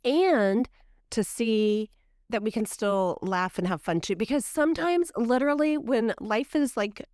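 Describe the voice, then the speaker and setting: With a slightly high voice and a measured pace, a middle-aged woman co-hosts a podcast, telling stories animatedly and leaning on "like" as filler. The audio is studio quality, with no room sound.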